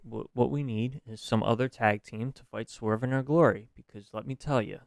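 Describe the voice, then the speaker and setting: A man co-hosts a podcast in easygoing conversation, rambling and leaning on fillers, often repeating words as he thinks. His voice is smooth and clear, and the recording is dry and close. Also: mid-range voice, normal speed, no echo. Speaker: podcast co-host. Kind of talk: casual chat.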